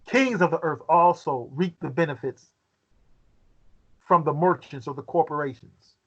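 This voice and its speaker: A man leading a Bible study, reading scripture aloud and putting questions to his listeners, sometimes halting and repeating words as he thinks. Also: a little high, dull audio.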